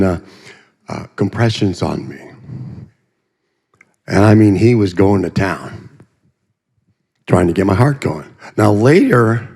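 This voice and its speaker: A man's voice: lowish voice, a little mellow. A man giving a guest testimony in a church, telling his story in a folksy, humorous way with vivid asides. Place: church sanctuary. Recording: long reverb of a church hall.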